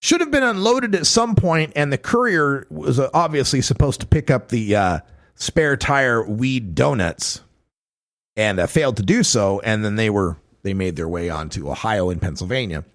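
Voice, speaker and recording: A man's voice: medium pitch, lively intonation, normal speed, a bit bright. A man hosting a talk radio show, chatting casually and joking, slipping into impressions. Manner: joking, slips into put-on impressions.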